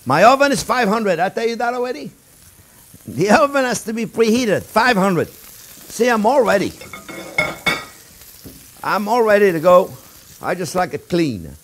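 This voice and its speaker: An older man hosting a cooking show, demonstrating a recipe in an animated, emphatic way, repeating words for stress and calling his viewers friends. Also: sits high, unhurried, pauses often. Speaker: chef and cooking show host.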